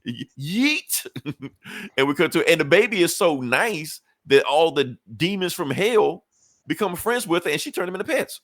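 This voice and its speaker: A man's voice: on the high side, animated, moderate pace, fairly bright tone, no echo, clean studio sound. A man on a podcast casually retelling a comic book story, loose and profane, laughing often. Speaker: podcast co-host.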